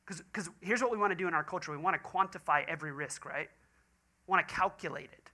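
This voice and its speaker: Male pastor, bright voice, animated storytelling sermon, quotes people in voices. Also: fairly high pitch, quick pace.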